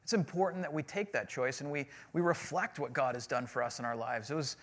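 A man's voice: medium pitch, a little fast, fairly bright tone. A man in his forties preaching a sermon in a casual, storytelling way with self-deprecating humor. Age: 40s. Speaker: pastor.

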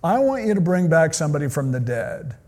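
Earnest anxious king, a guy reading him out, slightly high voice. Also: sing-song, fairly quick, mellow. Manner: earnest, read aloud. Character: anxious ancient king seeking a medium.

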